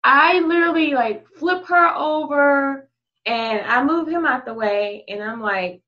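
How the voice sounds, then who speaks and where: A woman guest on a podcast, telling an explicit anecdote in a frank, lively, casual way. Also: high-pitched, unhurried, highs cut off. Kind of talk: casual candid storytelling.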